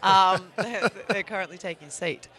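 Bright-voiced man hosting sport talk. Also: high-pitched, moderate pace. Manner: animated, laughs often. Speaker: podcast host. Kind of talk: casual sports chat.

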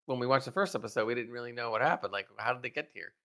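A man's voice: medium pitch, very fast, gravelly, pushed and bright. A man co-hosting a podcast, chatting casually and easygoingly in reply to his co-host. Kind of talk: casual review chat.

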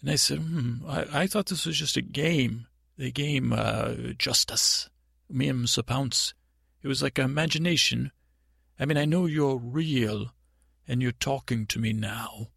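An actor playing a timid, naive boy prince in an improvised comedy podcast, telling a story in a halting, stammering, meandering way. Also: mid-range voice, vocal fry, fairly bright tone, breathy edge, dry recording, clean studio sound, full character voice. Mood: rambling. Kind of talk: improvised comic monologue.

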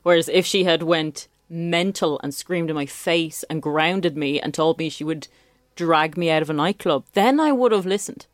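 A woman's voice: deep voice, moderate pace, no echo, clean studio sound. A woman co-hosting a radio show, sheepish and self-deprecating in casual banter. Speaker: radio co-host.

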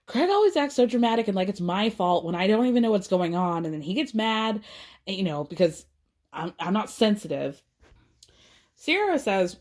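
A woman's voice: mid-range voice, sing-song. A woman hosting a podcast, recapping reality TV in a chatty, gossipy way and laughing often. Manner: gossipy, laughs often, quotes people in quick impressions.

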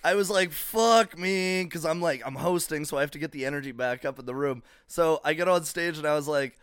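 A man's voice: a little high, fast talker, smooth, no echo, clean studio sound. A man co-hosting a comedy podcast, telling rambling stories in casual chat and slipping into playful impressions. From Canada. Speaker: podcast co-host.

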